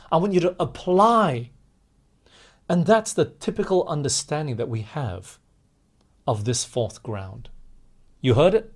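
A man's voice: mid-range voice, animated, unhurried, darkish tone. A man preaching a sermon with impassioned, rising and falling emphasis, addressing his listeners as friends.

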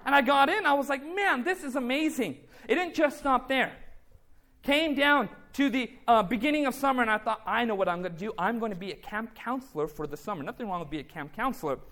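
High-voiced man telling a faith testimony. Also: animated, fairly quick, pushed and bright. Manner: storytelling with reported dialogue, calls to the congregation. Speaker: speaker giving a faith testimony. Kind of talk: testimony sermon.

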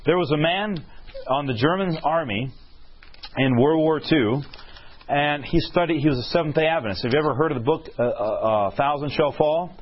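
At a moderate pace, a fairly high-pitched man preaches a sermon built around a story, asking his audience questions and then answering them. The lo-fi recording sounds dull and husky.

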